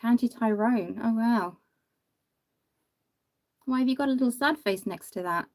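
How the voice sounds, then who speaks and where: A woman's voice: a little high, unhurried. A tired woman from Ireland with a mixed Irish accent, chatting casually with viewers on a makeup livestream and reading out their comments. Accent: Irish, not tied to one county, with some American mixed in. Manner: chatty, sympathetic, trails off quietly mid-thought. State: tired after one hour of sleep.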